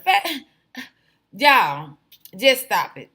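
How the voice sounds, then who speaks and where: A woman's voice: high voice, sing-song, slow pace, long pauses, bright, forceful tone. A woman hosting a casual livestream, talking bluntly to her viewers and drifting off on tangents. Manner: rambling, tangent-prone, blunt; talks to her chat viewers directly. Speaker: livestream host.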